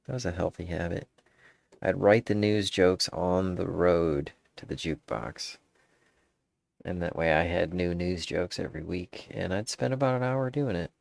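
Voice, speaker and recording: Gravelly low-voiced man, rambling. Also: moderate pace, no echo. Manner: meandering, thinks aloud with restarts. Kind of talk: rambling casual monologue.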